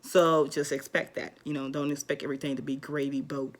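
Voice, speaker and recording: A woman's voice: sits low, level tone, brisk. Chatty woman vlogging advice. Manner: rambling, many fillers and restarts. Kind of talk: casual advice vlog.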